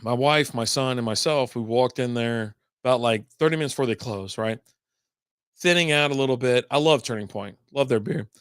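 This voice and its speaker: Homem falante e desbocado em conversa seca. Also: male voice, medium pitch, a little fast, clear, resonant tone, dry recording, clean studio sound. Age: middle-aged. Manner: rambling, profane, chatty. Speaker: beer podcast host. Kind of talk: casual livestream chat.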